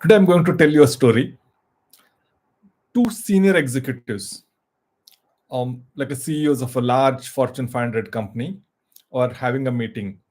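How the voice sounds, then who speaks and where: A man's voice: medium pitch, a little mellow. A man telling a motivational story informally, with frequent restarts and hesitations. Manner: halting, full of restarts and fillers.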